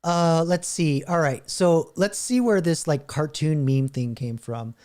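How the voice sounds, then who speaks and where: Mellow middle-aged guy reacting to stuff, laughs a lot, reads chatbot answers out loud. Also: fairly high pitch, a little slow. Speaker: channel host. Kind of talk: casual reaction commentary.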